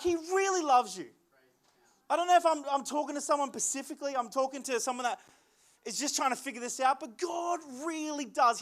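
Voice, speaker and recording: A young adult man, a lead pastor, preaching a sermon in an earnest way, repeating words for emphasis and reading scripture aloud in slow phrases. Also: very high voice, a bit bright.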